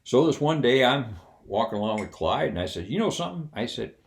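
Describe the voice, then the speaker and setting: An older man, a retired Air Force officer, telling personal anecdotes in a folksy, animated way with wry humor. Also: mid-range voice, brisk, gravelly.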